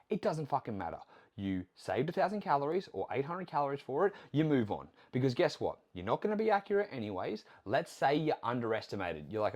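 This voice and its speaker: A man hosting a podcast as a nutrition coach, ranting bluntly and with heavy profanity in a casual, animated way. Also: medium pitch, fast talker.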